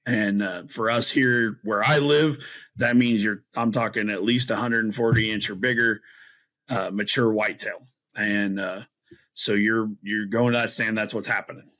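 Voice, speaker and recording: This middle-aged podcast guest, a bowhunter who makes strings, has a lowish, sharp voice with fairly even intonation and a moderate pace. He spins a lively, casual story, performing his reactions amid plenty of fillers, and the recording is rough.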